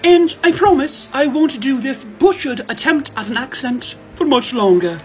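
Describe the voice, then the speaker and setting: A man's voice: expressive, normal speed, faint music behind. A man voicing a gushing, theatrical English TV presenter in an exaggerated fake English accent. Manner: high, sing-song and overdone.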